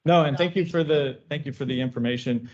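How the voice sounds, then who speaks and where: A man, a water district official, calmly explaining an issue at a board meeting, with some fillers and restarts. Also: medium pitch, fast. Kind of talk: answering public comment at a board meeting. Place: meeting room. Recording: dull lo-fi meeting audio.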